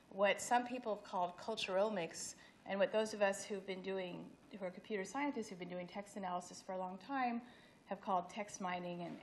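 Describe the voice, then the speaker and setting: Middle-aged woman lecturing on stage, steady mid voice, bit of hiss behind. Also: mid-range voice. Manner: explanatory, with restarts and slide references. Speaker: speaker giving a talk. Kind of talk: academic presentation. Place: event hall.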